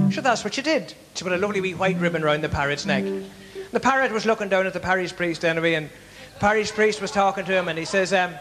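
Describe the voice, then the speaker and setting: A man's voice: high voice, quick pace, a bit bright, faint music behind. A middle-aged man with a Northern Irish accent telling jokes and giving a tribute as compère at a live event, chatty and laughing at his own punchlines. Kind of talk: stage joke-telling and tribute speech. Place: live venue in front of an audience. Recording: echoey hall.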